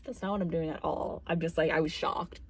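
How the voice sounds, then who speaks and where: A woman's voice: low-pitched, fairly even intonation, fairly quick, a little hiss or hum. A young woman vlogging, chatting casually about a film and book, rambling with lots of fillers and jokey asides.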